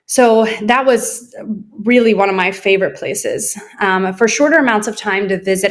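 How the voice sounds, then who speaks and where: Woman guest from the US, lively storyteller who acts out quoted dialogue, casual interview. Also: mid-range voice.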